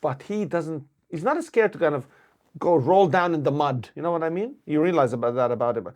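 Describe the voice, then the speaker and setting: Man, comedian, lively storytelling, fairly high voice. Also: brisk. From Lebanon. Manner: animated storyteller, acts out quotes. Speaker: comedian guest. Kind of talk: casual podcast storytelling.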